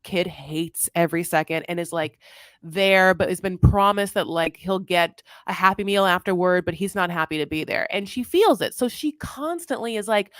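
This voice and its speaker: A woman's voice: mid-range voice, fairly quick, dry recording, clean studio sound. A woman co-hosting a TV recap podcast, chatting casually with playful sarcasm and jokey asides. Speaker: podcast co-host.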